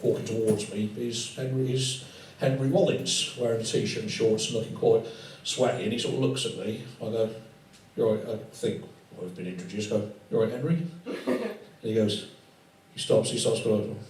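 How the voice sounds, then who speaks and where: A man's voice: on the low side, steady tone, normal speed, darkish tone, slight background noise. Rambling, sweary man doing live stand-up. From England. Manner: swearing, rambling anecdotes with impressions. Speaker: stand-up comedian. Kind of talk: stand-up storytelling. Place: tattoo studio with a live audience. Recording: echoey room from far off with crowd laughter. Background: audience laughing.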